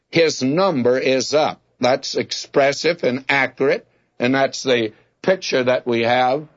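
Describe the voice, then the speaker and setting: A man's voice: medium pitch, lo-fi sound. A man teaching a Bible sermon in a folksy, plainspoken way, calling his listeners friends and telling homespun stories. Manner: folksy, tells homespun anecdotes.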